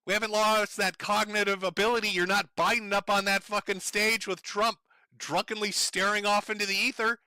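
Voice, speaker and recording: Middle-aged guy ranting on stream, mocking n sweary, highish voice, real dry mic. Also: level tone, moderate pace, sharp tone, clean tone, no echo. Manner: profane, mocking, sarcastic. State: in pain from broken ribs, on medication. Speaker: livestream commentator. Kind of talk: angry ranting commentary.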